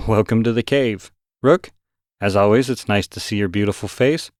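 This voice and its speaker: A man voicing a joking young male tech nerd, cheeky and excitable. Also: on the low side, moderate pace, no room sound, clean studio sound, natural voice.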